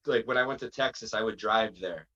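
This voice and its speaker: A man's voice: fairly low pitch, fairly quick, pushed and bright, dull audio. A man from Massachusetts, a wrestler, telling a long road-trip story in a rambling, casual way. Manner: rambling, acts out quotes in other voices. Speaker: wrestler guest.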